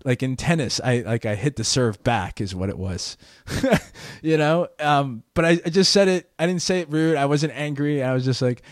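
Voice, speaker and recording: A man hosts a solo podcast, telling a story casually and rambling with frequent restarts and little laughs. His mid-range voice is animated at a normal speed, recorded in studio quality with no room sound.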